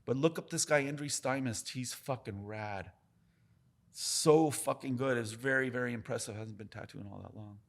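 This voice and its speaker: A man's voice: medium pitch, moderate pace. A man, a tattoo artist, telling stories in a casual podcast chat, emphatic and full of swearing. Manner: profane, emphatic, talks with his hands about craft.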